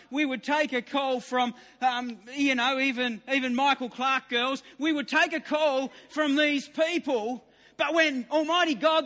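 A man in his fifties delivers a sermon in a very high, bright voice. He repeats his key lines with rising emphasis and sometimes pushes them to near shouts. The long reverb of a large hall trails every phrase. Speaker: preacher.

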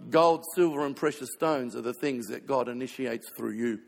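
A man pastor preaching a sermon, telling stories with sudden swings between loud passages and hushed ones. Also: medium pitch, normal speed, creaky. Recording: reverberant hall.

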